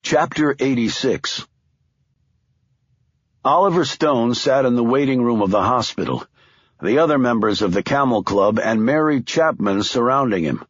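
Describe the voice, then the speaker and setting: Male thriller narrator, husky, lively intonation, dry booth sound. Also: medium pitch, no echo, lo-fi sound. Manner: expressive, measured storytelling. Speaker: audiobook narrator.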